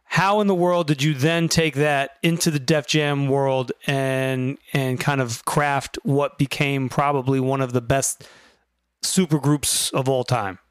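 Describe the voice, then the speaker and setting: A man hosting a casual interview, asking questions quickly to cover a lot of ground. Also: mid-range voice, fairly even intonation, smooth, dry recording, clean studio sound. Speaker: podcast host.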